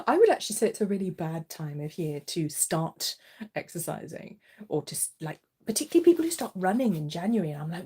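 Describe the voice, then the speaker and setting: Soft-spoken, husky woman reading tarot. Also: mid-range voice, very animated, fairly quick. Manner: soft-spoken, giggly, often drops to a murmur. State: losing her voice. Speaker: tarot reader. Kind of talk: livestream card reading.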